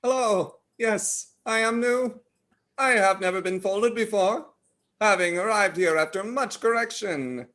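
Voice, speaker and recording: Stilted alien newcomer, painfully formal and literal, voiced by a woman, steady middling pitch. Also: unhurried, close to an everyday voice. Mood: polite. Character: stiff formal alien posing as a human newcomer. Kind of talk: comedy sketch rehearsal on a video call.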